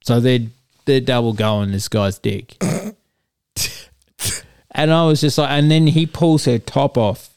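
Aussie guy, smooth clear voice, dry close sound, rambling storyteller. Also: medium pitch, unhurried, long pauses, no echo. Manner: rambling crude anecdote, animated quoting. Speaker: storyteller guest. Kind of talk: casual podcast chat.

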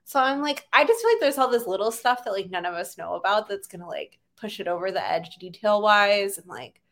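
A woman's voice: medium pitch, fairly quick, a bit bright. A young woman co-hosting a casual movie chat, rambling with many fillers and bursts of laughter. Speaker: podcast co-host.

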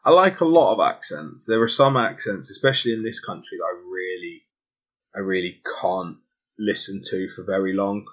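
A man's voice: low voice, moderate pace, fairly bright tone. A man with a London accent in casual chat, hesitant and full of restarts. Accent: London English. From England. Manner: chatty, hesitant, many restarts. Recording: dull lo-fi audio.

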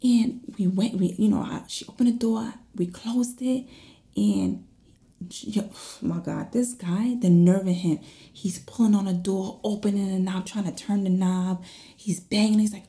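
Gravelly dark-voiced woman telling a story. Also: mid-range voice, moderate pace. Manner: animated, acts out her own and others' voices, drops to whispers. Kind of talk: casual storytelling to viewers.

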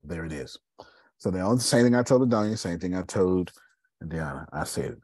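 A man hosting a casual podcast conversation, animated and preachy, dropping low and quiet for emphasis. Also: moderate pace, dry recording. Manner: animated, preachy, drops pitch and volume for emphasis. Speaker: podcast host.

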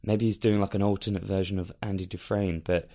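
A man in a casual podcast chat, critical and grumbling, talking haltingly. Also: sits low, flat delivery, mellow. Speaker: podcast co-host.

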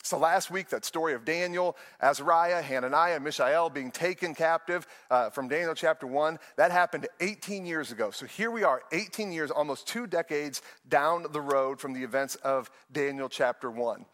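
A young man, a pastor, preaching a sermon with animated storytelling and playful asides. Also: fairly high pitch, normal speed, hardly any pauses, long reverb tail.

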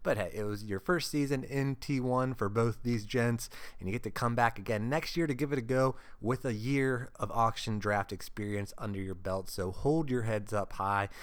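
Male podcast host, solo, mid-pitched, upbeat and jokey. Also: normal speed, few pauses. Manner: upbeat, jokey, laughs often.

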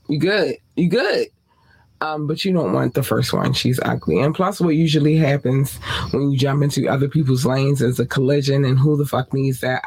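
A man hosting a podcast, closing the show with playful, animated talk, casual swearing and sing-song repeats. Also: on the high side, husky. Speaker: podcast host.

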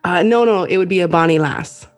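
A woman's voice: on the low side, fairly quick, soft background music. Canadian lady hosting a podcast, chatty, giggles a lot. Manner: giggly, laughs often between phrases. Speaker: podcast host. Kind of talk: casual chat.

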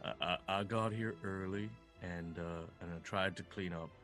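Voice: low-pitched, steady tone, normal speed, fairly bright tone, soft background music. A player voicing a shy, shadowy forager who mumbles and hesitates. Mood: sheepish.

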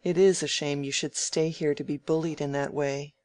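A reader playing an idle young gentleman who is easily piqued, speaking in emphatic, protesting tones in audiobook dialogue. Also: mid-range voice, fairly even intonation, moderate pace, no echo, lightly acted.

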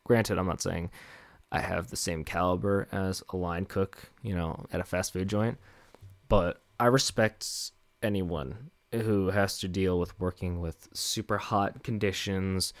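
Rambling young man with a low voice. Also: steady tone, measured pace, dry recording. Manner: rambling, self-mocking, many fillers. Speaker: podcast host. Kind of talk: rambling solo podcast. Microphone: handheld microphone with headphones.

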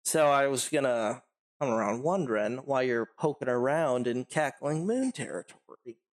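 A man voicing a large, gruff male tiefling gang drummer who is blunt and bargains with the party. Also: medium pitch, expressive, normal speed, close to an everyday voice. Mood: suspicious.

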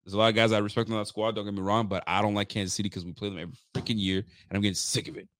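A man's voice: on the low side, little pitch movement, very fast, a bit bright, slight background noise. A tired man hosting a live post-game reaction stream for a fan channel, hyped and rambling, trash-talking the rivals. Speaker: sports fan channel host.

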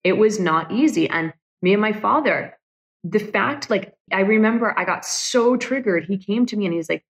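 A woman's voice: medium pitch, normal speed, poor audio. A woman hosting a solo podcast, talking candidly and emotionally with frequent "like" fillers. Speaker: podcast host.

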